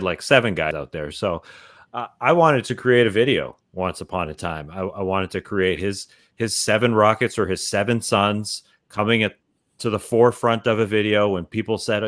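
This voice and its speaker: Low-voiced rambling podcast co-host. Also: male voice, moderate pace, a bit bright, dry recording, clean studio sound. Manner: rambling, playful storyteller. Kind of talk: casual podcast chat.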